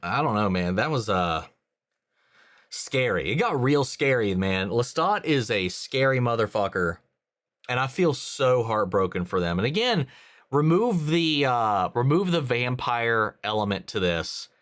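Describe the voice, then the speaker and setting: A man talks through his reaction to an episode in a casual, profane way. He leans hard on words and keeps saying "man". His voice sits at an ordinary middle pitch. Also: sing-song, measured pace, fairly bright tone. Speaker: show reactor.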